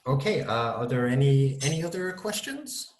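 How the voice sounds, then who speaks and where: A man's voice: mid-range voice, big pitch swings, moderate pace, roomy sound. A man, teaching on a video call and answering student questions with many ums. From North-West England. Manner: hesitant, many ums and kind-ofs. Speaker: English teacher.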